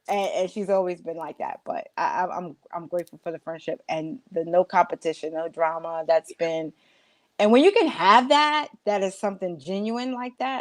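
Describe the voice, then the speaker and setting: Woman guest, lowish pitch, animated and warm-hearted storyteller in a casual chat. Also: moderate pace, no echo. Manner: animated storyteller, acts out friends' voices.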